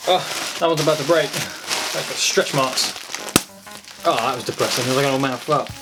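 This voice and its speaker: A young man, rambling excitably and swearing as he unboxes a parcel at home for his vlog. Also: medium pitch, normal speed, very noisy. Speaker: photography vlogger. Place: at home by a desk. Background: background music.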